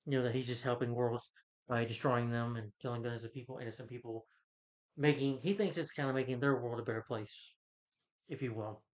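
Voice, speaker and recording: A man's voice: medium pitch, fairly even intonation, fairly quick, muffled recording. A man casually recapping a film's plot, rambling with lots of fillers and self-corrections. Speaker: film reviewer.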